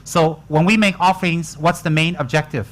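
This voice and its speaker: A man's voice: fairly high pitch, fairly even intonation, moderate pace, a bit bright. A man giving a joking, colloquial dharma talk to retreat students. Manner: joking, teasing, colloquial asides. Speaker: Buddhist teacher.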